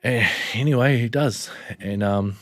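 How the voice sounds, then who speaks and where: A man's voice: mid-range voice, a little slow, no room sound. A young man with a New Zealand accent, a podcast guest telling a personal story in a laid-back way, swearing and calling people "bro". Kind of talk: casual storytelling.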